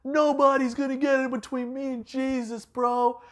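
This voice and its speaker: A man voicing a brash, boastful young loudmouth who talks in slangy bro speech. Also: extremely high pitch, level tone, moderate pace, voice pushed up.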